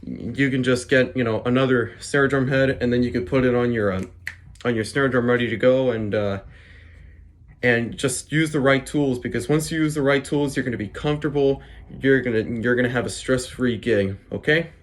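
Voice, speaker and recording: A man's voice: medium pitch, fairly even intonation, normal speed. A man casually giving advice to fellow drummers, stammering and restarting often and checking in with "okay?". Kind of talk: casual spoken tips to camera.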